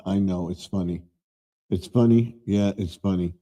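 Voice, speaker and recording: A man hosting a casual live stream from his home man cave, talking in a slow, rambling, low-key way. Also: steady tone, dark tone.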